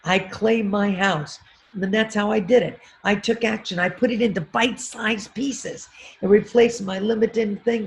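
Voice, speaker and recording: A middle-aged woman with a gravelly edge to her voice tells a personal story on a video call. She talks in an animated way, repeats her affirmations and laughs often, and faint noise sits behind her. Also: mid-range voice, moderate pace. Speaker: motivational speaker.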